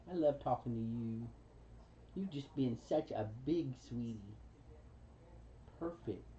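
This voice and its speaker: A woman chatting fondly with her pet bird at home, cooing pet names and laughing softly. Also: very deep voice, slight background noise. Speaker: pet bird owner on a livestream. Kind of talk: casual chat with a pet. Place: indoors at home. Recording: dull lo-fi home livestream audio.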